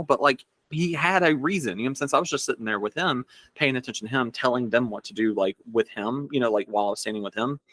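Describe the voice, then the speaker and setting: A man's voice: medium pitch, a bit bright, dry recording. A young man co-hosting a podcast, telling a personal story in casual chat, rambling and filling his talk with "like". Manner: rambling storyteller, heavy filler "like". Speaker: podcast co-host.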